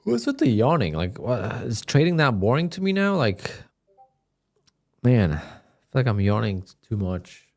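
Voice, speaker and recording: A man casually chatting on his live day-trading stream, relaxed and talkative, reading viewer questions aloud and answering them. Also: medium pitch, normal speed. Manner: laid-back, chatty, reads chat questions aloud.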